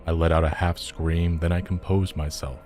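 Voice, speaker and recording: Deep, dark-voiced male storyteller. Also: level tone, normal speed. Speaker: narrator. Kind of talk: scripted horror narration. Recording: soft music under the voice.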